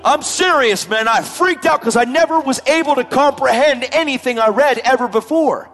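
A man giving an emotional personal testimony, a dramatic storyteller who drops to hushed tones and then rises to shouting. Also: extremely high pitch, normal speed, soft background music. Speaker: testimony speaker.

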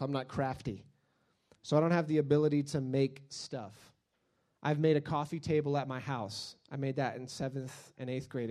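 A man preaching a sermon in a jokey, conversational way, telling stories with silly acted-out voices. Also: high-pitched. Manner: animated storytelling, acts out silly voices.

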